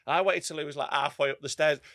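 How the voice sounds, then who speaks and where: A man's voice: fairly high pitch, fast, no room sound, clean studio sound. A man co-hosting a comedy podcast, telling rowdy anecdotes with lots of swearing and laughter. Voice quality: animated, swears a lot, laughs often. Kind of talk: casual chat, storytelling anecdotes.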